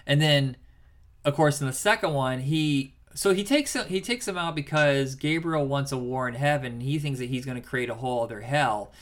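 A man's voice: mid-range voice, normal speed, fairly bright tone. A man co-hosting a podcast, chatting casually about movies in a rambling, enthusiastic way and swearing freely. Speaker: podcast co-host.

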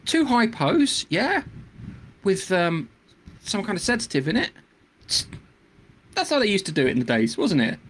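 A man's voice: high-pitched, big pitch swings, moderate pace, pauses often, a bit bright. A man co-hosting a podcast, ranting in casual chat with stammered restarts. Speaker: podcast co-host. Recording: faint background noise.

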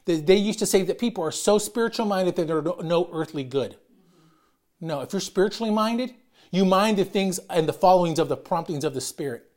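A middle-aged man preaching a sermon as pastor, loud and emphatic, calling out to his congregation. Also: high-pitched, animated, a little fast.

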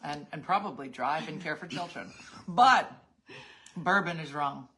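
A woman hosting a casual chat, telling stories with lively acted-out quotes. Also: low-pitched, a little slow. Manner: lively storyteller acting out quotes. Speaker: host.

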